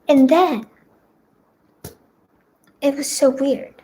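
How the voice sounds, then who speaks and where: Chatty young woman vlogger, slightly high. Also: fairly even intonation, moderate pace. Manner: rambling, repeats herself, lots of "like". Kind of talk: casual storytelling to camera.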